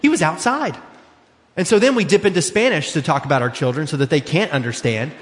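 A man in his thirties preaching a sermon in a church, earnest and conversational, slowing down to stress key words. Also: a little high. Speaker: pastor. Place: church sanctuary. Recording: long hall reverb.

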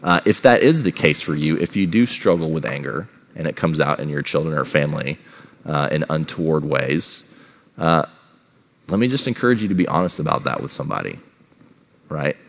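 A man's voice: rumbling low, expressive, brisk, vocal fry. A middle-aged man giving a sermon as a pastor, conversational and checking in with the congregation. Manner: conversational, checks in with "all right?".

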